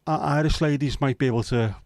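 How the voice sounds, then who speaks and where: A man's voice: medium pitch, quick pace, a little mellow, no room sound. Bantering male livestream host, dry sound. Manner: joking, teasing banter with viewers. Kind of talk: casual livestream chat.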